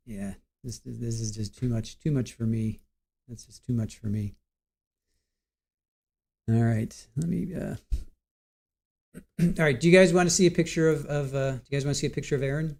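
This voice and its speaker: A man's voice: mid-range voice, normal speed, gravelly, long pauses, darkish tone. Rambling middle-aged man streaming live. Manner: rambling, stumbles and restarts words, reads chat aloud. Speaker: livestream host. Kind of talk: casual livestream chat.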